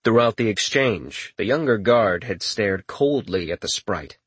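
A man narrating a fantasy story in a wry, expressive reading. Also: lowish voice, unhurried, husky, no echo. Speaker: audiobook narrator. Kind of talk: scripted narration.

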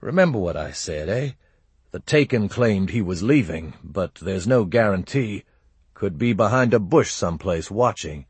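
A husky, world-weary army colonel, as a man reads him in a storybook reading, speaking plainly and with dry wit. The voice sits low, close and dry. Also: lively intonation, moderate pace, no echo. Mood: wary. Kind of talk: audiobook character voice.

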